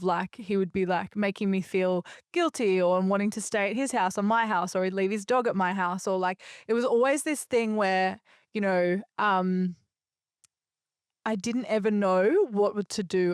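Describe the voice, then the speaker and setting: A young adult woman talks through her solo podcast in a loose, reflective way, circling back with fillers and restarts. Her voice sits at an ordinary middle pitch. The sound is dry and close, with no room around it. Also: smooth, no room sound. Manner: rambling, reflective, frequent fillers and self-corrections. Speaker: podcast host. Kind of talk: casual solo podcast talk.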